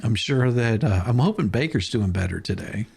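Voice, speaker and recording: Male host, gravelly husky voice, chatty, swears and laughs through stories. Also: mid-range voice, lively intonation, normal speed, darkish tone. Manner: laughing, storytelling, casual swearing. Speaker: show host. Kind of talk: casual live-stream chat.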